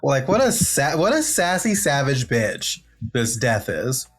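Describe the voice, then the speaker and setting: Male podcast host, mid-pitch, excitable and profane, rambly casual chat, faint music under. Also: unhurried. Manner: excitable, swears freely, lots of filler.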